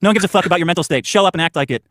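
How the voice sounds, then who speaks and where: A man's voice: high voice, racing, a bit bright, no echo, clean studio sound. A podcast co-host who brushes off his partner with blunt, profane put-downs. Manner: blunt, dismissive, swears a lot. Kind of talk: podcast argument.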